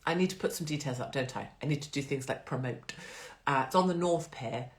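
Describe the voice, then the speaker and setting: A woman's voice: rumbling low, fairly quick. A woman hosting a live stream in a blunt, profane, chatty and rambling way. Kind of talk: casual live-stream chat.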